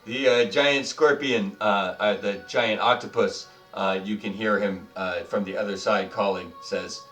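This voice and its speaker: A man's voice: lowish voice, steady tone, a little slow, fairly bright tone, distant mic, faint music behind. A man acting as dungeon master for a tabletop game, narrating and joking in a casual way with lots of fillers.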